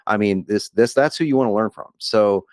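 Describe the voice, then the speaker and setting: A man giving an enthusiastic, rambling sales pitch on a webinar as a guest copywriter, with frequent restarts and laughs. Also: brisk, darkish tone, no room sound, studio quality.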